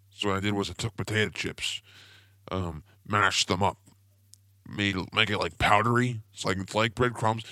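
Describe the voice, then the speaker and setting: Young man, podcast host, rambling comedic monologue, bright forceful voice, slightly low pitch. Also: no room sound, studio quality. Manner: rambling, goofy, self-promoting storyteller.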